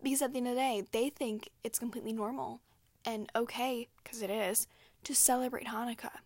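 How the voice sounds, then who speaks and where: Young woman, higher-pitched voice, dry close sound, casual solo talk, blunt, profane, lots of "like". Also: steady tone, brisk, no echo. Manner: candid, profane and emphatic, with frequent "like" fillers.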